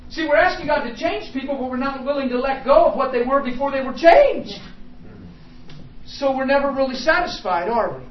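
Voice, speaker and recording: A middle-aged man preaching a sermon testimony, swinging from hushed confession to loud, laughing exclamations. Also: very high-pitched, lively intonation, brisk. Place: church hall. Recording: echoey, distant, dull sound with noise.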